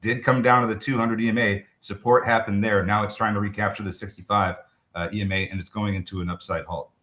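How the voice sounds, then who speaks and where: A man co-hosting a live trading show, talking through charts in a chatty, halting way. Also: lowish voice, level tone, bright, forceful tone. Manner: chatty, halting, restarts with fillers, quick laughs. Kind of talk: live market commentary. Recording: roomy echo.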